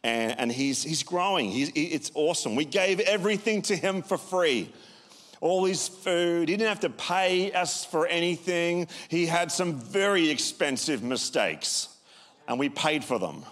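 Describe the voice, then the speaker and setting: A man preaching a sermon as pastor, in a relaxed, conversational way, often asking the congregation questions. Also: a little high, a little slow. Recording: long hall reverb.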